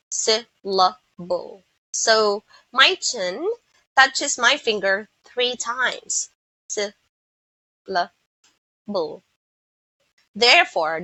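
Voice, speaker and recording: A Filipino woman teaching English pronunciation, who speaks slowly and repeats words so listeners can copy them. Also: on the high side, lively intonation, pushed and bright, dry recording, poor audio. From Philippines. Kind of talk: pronunciation lesson.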